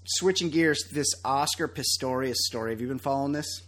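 Speaking briskly in a mid-range, slightly bright voice, a male podcast host rants with blunt opinions and heavy swearing during a laid-back conversation.

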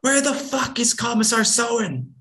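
A man voicing a grieving soldier mother who shouts in raw rage, much higher than his own voice. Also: lively intonation, moderate pace, vocal fry, full character voice. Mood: enraged. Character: grieving furious mother, a war sergeant.

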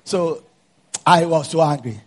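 A man with a Nigerian accent, a pastor mixing a personal story into his sermon, dropping low for asides and rising loud to preach. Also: measured pace.

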